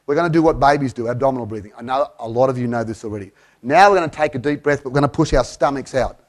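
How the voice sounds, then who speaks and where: A man at mid pitch addresses a live room as a keynote speaker. He coaxes the audience through a breathing exercise, counting each breath aloud. He sounds a little out of breath. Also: rapid-fire. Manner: lively, coaxing, counts out breaths. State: a bit out of breath.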